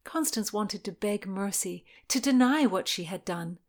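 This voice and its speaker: A woman narrating a historical novel as an audiobook, measured and dramatic. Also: mid-range voice, lively intonation.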